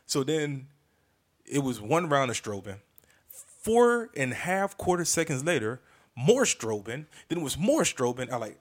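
A man hosting a comedy podcast, telling a story in a casual, animated and profane way, often restarting sentences. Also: medium pitch, a little slow.

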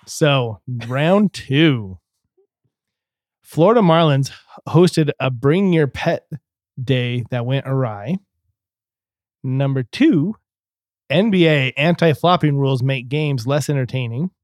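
A man's voice: mid-range voice, lively intonation, slow, long pauses, dry recording, studio quality. A man co-hosting a casual podcast, reading out quiz headlines and laughing easily. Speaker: podcast co-host. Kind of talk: casual chat.

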